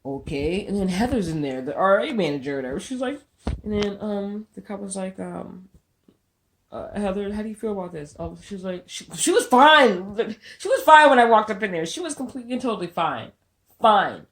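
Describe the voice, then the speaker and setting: A woman telling a storytime vlog in an animated, profane, incredulous way. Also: medium pitch, normal speed, husky. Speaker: vlogger.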